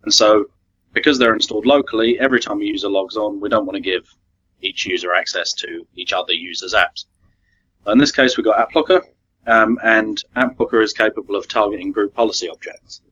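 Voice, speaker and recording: A man's voice: fairly low pitch, steady tone, pushed and bright, breathy edge. Young English man, muffled lo-fi sound. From England. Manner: hesitant, fillers, quick laughs. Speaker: guest consultant. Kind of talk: casual podcast chat. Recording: dull lo-fi sound.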